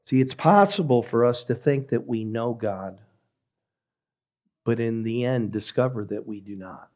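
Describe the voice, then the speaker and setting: A man who is a pastor, preaching a sermon in a measured, emphatic way with deliberate pauses. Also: medium pitch, darkish tone.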